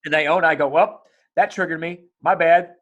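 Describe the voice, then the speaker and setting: A middle-aged man chatting as a podcast host, with a voice that sits a little high. He tells stories with animation, jumps into the voices of the people in them and swears without a second thought. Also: normal speed, highs cut off. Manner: animated storyteller, acts out dialogue in raised voices, swears freely. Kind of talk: casual podcast conversation.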